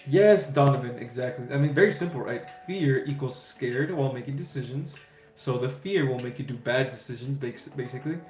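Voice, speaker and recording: A man's voice: mid-range voice, brisk, darkish tone. A man hosting a casual spiritual livestream, answering viewers' questions in an easygoing, reassuring way with many fillers and "right?" tags. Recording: roomy echo with faint music.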